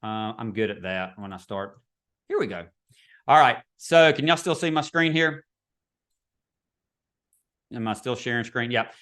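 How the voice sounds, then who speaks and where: Man instructor, casual and repetitive, video-call webinar, mid-pitched voice. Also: measured pace, pauses often, fairly bright tone. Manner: casual, chatty, repeats himself. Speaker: real estate instructor. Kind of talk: webinar teaching.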